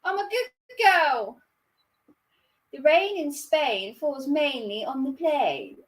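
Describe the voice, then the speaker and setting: A woman's voice: high-pitched, sing-song, slow, voice pushed up, exaggerated voice. A woman voicing a cheeky young Cockney flower girl with a Cockney accent. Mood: insistent.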